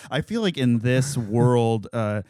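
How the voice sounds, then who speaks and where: Wry, deadpan male podcast co-host. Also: medium pitch, slow, smooth, no echo, studio quality. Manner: wry, deadpan jokes, often laughing. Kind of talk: casual book-review chat.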